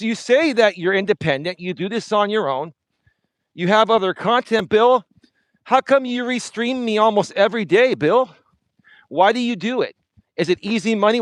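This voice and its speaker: Taunting high-voiced male streamer. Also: no echo. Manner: taunting, repeating a rival's name. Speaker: livestream host. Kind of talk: confrontational livestream rant.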